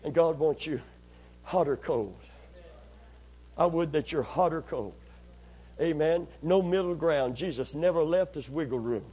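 High-voiced man preaching a sermon. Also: unhurried, long pauses. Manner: call-and-response, rising to impassioned shouting.

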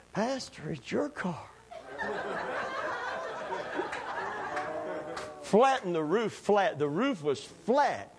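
A middle-aged man, preaching as a pastor in a church, telling stories in an animated way, acting out quoted voices and laughing at his own stories. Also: on the high side, slight background noise. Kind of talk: storytelling sermon.

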